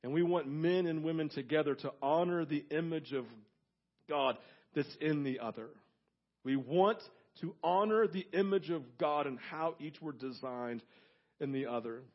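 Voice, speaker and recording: Male pastor, higher voice, fervent sermon delivery, muffled recording. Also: normal speed. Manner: emphatic, swings between loud fervor and hushed asides.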